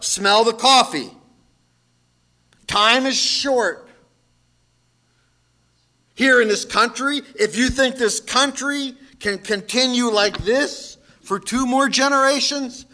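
A man preaching a sermon as pastor, moving between loud shouted calls and quiet asides. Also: sits high.

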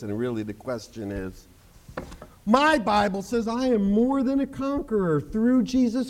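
A man preaching a sermon to his congregation, animated, joking and acting out the people in the story. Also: sits high, unhurried. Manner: animated preaching with jokes and acted-out quotes. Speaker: pastor.

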